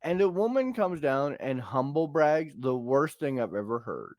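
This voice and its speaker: A middle-aged man hosting a casual podcast, telling a story in a rambling, animated way with many restarts. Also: medium pitch, normal speed, dry recording, clean studio sound. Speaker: podcast host. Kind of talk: casual chat.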